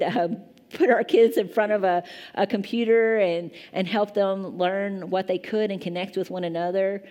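A woman's voice: mid-range voice, darkish tone. A woman in her thirties preaching a sermon in a church, conversational and often asking the congregation questions. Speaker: pastor. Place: church sanctuary.

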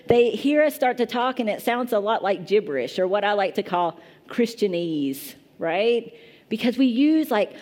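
A woman's voice: a little high, a little mellow. A woman pastor in her thirties from Kentucky with a strong Kentucky accent, preaching a chatty, self-deprecating sermon. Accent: Eastern Kentucky.

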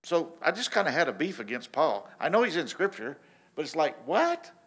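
Animated man preaching casually. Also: a little high, normal speed, breathy edge. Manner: casual, animated storytelling with frequent restarts. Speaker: pastor. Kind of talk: sermon.

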